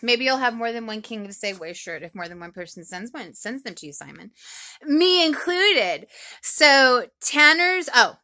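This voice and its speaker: A woman talking alone as a podcast reviewer, chatty and rambling with lots of ums, in an animated, expressive voice. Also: on the high side. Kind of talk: solo recap vlog.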